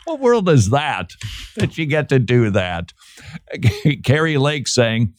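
A man talks with a sarcastic, joking edge and a lively, swinging pitch. He laughs often as he riffs with his co-host. The sound is close and dry. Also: slow pace, no echo. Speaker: podcast co-host. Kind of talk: casual commentary.

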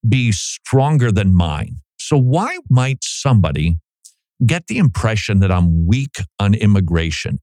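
Brief: middle-aged male talk host, lower voice, lively up-and-down delivery, dry studio sound. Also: dry recording. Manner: animated, conversational, mock voices for emphasis. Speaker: Christian radio host. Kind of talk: opinion talk monologue.

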